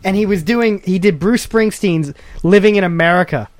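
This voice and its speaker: A man's voice: sits high, moderate pace, a little hiss or hum. A man co-hosting a casual podcast chat, telling stories with wry, joking asides. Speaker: podcast co-host.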